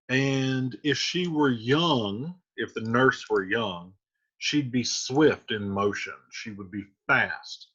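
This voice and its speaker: A man's voice: mid-range voice, takes it slowly, fairly bright tone, husky. A man teaching a class, casually retelling a play in plain everyday words. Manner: paraphrases in plain slang. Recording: muffled lo-fi recording.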